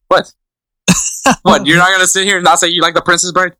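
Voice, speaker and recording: Bright-voiced young man, teasing. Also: sits high, little pitch movement, fairly quick, dry recording. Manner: filler-heavy, teasing, reads out lists. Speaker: podcast co-host. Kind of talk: casual chat.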